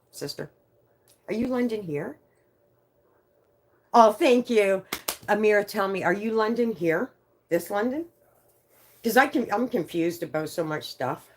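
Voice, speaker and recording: A woman in her fifties hosting a livestream, chatting with viewers in an animated way, swearing freely and reading out their comments. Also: medium pitch. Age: 50s. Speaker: livestream host. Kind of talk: casual livestream chat with viewers.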